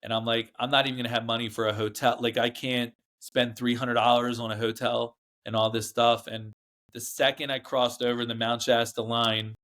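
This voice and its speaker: A man's voice: mid-range voice, flat delivery, normal speed, fairly bright tone. A man, a guest in an interview, recounting his past in a rambling, emphatic way, often acting out what others said. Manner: rambling, emphatic, acts out quoted dialogue. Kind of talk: candid storytelling interview.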